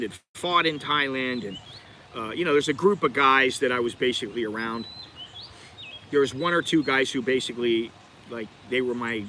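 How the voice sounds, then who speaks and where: Bright-voiced, chatty American man. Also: mid-range voice, a little hiss or hum. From United States. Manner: chatty, digressive, talks to viewers directly. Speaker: channel host. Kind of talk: rambling livestream chat.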